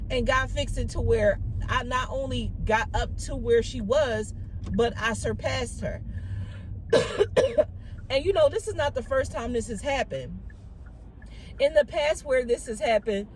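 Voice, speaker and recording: A woman's voice: a little high, a little hiss or hum, low-quality recording. A woman vlogger in casual, chatty storytelling with many fillers, giving faith-based encouragement. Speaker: Christian vlogger.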